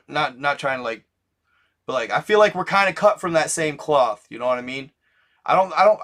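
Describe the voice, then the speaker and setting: A man's voice: on the high side, fairly bright tone. A young man hosting his channel, rambling casually in profane slang full of restarts. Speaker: channel host.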